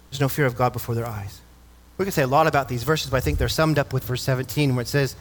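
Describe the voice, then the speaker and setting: A man's voice: medium pitch, quick pace. A male pastor preaching a sermon, reading scripture and asking the congregation questions. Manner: earnest preaching, asks the congregation questions, reads scripture aloud.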